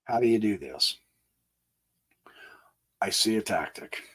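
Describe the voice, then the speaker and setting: A man hosting his chess channel who talks through a game on a board, thinking aloud in a folksy way with homey exclamations and swinging between quiet asides and emphatic bursts. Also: fairly low pitch, animated, slow, husky. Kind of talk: casual game walkthrough on a physical board.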